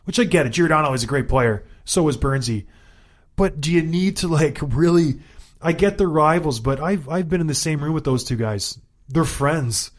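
A man in his thirties with a slightly higher voice than most men, co-hosting a sports talk show. He rants with animated exasperation and hammers his points home by repeating them. He talks like a former player in casual banter. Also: moderate pace. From Canada. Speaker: co-host, former hockey player.

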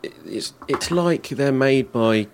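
A man's voice: medium pitch, lively intonation, slow, background noise. A man on a casual film podcast, giving blunt and dismissive opinions. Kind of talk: casual chat.

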